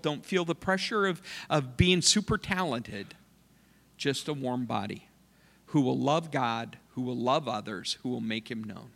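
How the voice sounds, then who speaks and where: A man preaching as a missionary, telling a story in an animated, self-mocking way in a church. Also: a little high, creaky. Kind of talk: sermon storytelling. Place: church sanctuary. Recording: long church hall reverb.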